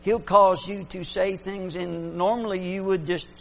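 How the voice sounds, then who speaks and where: A man preaching a fervent sermon, swinging between loud exclamations and hushed asides. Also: high voice, fairly even intonation, unhurried, creaky, a little hiss or hum.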